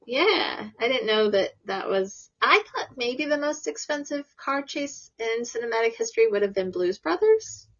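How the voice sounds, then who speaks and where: A woman's voice: fairly high pitch, animated, normal speed, few pauses, fairly bright tone. A woman hosting a podcast interview, upbeat and giggly in casual chat. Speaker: podcast host. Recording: lo-fi dull audio.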